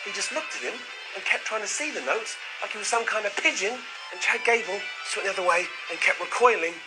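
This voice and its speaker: A man hosting a comedic wrestling recap, excitable and sarcastic, with quick put-on asides. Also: high voice, music in the background, low-quality recording. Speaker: wrestling show reviewer, host.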